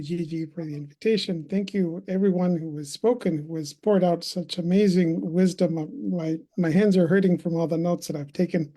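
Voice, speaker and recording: A man's voice: sits high, warm tone. A man in his thirties speaking as a conference guest on a video call, telling a personal story in an earnest, reflective way. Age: 30s. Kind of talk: personal testimony talk.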